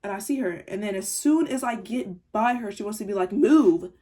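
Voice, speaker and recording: Irritated teen girl ranting, mellow voice. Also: medium pitch, a little fast. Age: teens. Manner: irritated, rambling, slangy. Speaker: vlogger. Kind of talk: casual storytime rant.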